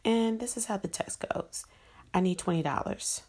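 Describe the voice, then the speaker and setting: A woman's voice: on the low side, normal speed, darkish tone, breathy edge. A woman hosting a podcast, casually retelling a text exchange and reading the messages aloud with her own asides. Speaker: podcast host. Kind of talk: casual storytelling commentary.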